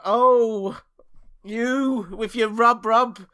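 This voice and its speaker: A man's voice: very high voice, steady tone, very slow, bright, forceful tone, clean tone. A man co-hosting a comedy podcast, joking and playing mock indignant. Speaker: podcast co-host. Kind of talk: casual comedy podcast banter.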